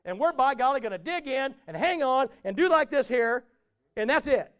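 A man's voice: extremely high pitch, lively intonation, normal speed, a bit bright, smooth. A man preaching a conversational sermon in a church, often asking his listeners questions. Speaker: pastor.

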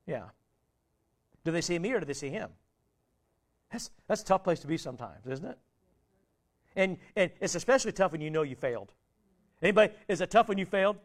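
A man preaching a sermon as pastor, asking the congregation questions and dropping his voice low at the ends of phrases. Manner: asks the congregation many questions, conversational preaching.

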